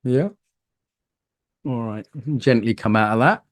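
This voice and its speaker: Animated British man leading a workshop. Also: mid-range voice, takes it slowly. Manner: lively, animated, playful, asks the room questions. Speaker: embodiment coaching teacher. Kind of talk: live workshop talk to a room. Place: workshop room with a live audience.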